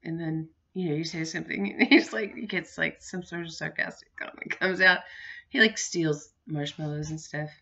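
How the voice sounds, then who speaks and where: A woman's voice: deep voice, steady tone, normal speed, gravelly, bright, forceful tone. A middle-aged woman chatting in a rambling, laughing way in a home vlog. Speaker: vlogger. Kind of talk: casual home vlog chat. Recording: muffled lo-fi home recording.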